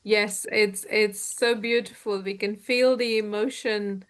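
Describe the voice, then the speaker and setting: A woman interviewer responding in a conversational way, halting with fillers as she speaks. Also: medium pitch, fairly even intonation, a bit bright, clean tone.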